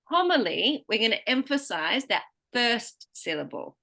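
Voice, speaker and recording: A woman's voice: medium pitch, animated, normal speed, bright, forceful tone. A woman teaching pronunciation one-to-one online, who patiently explains syllable stress and encourages her student.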